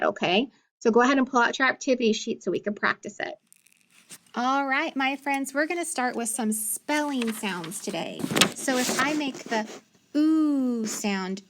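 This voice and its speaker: Woman, teacher, phonics lesson, slow and patient, slightly high-pitched. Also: fairly bright tone. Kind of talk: phonics lesson to young students.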